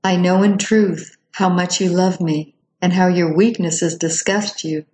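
A woman voicing Jesus as a tender, loving male divine voice, in a gentle, reassuring and unhurried reading. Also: on the low side, steady tone, echoey room, close to an everyday voice.

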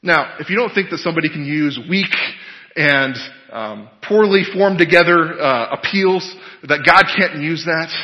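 A man preaching a sermon, telling a story with animated emphasis and hesitant fillers, recorded in an echoey hall with a dull, lo-fi sound. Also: a little high, measured pace. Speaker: pastor.

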